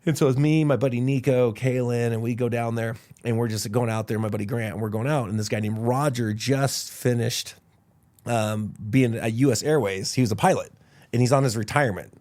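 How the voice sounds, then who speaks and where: A man from Idaho telling stories on a podcast, his pitch sitting right in the middle for a man. He talks casually and keeps acting out what people said to him. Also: fairly quick. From Idaho, USA. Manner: animated storyteller, acts out quotes. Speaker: podcast guest.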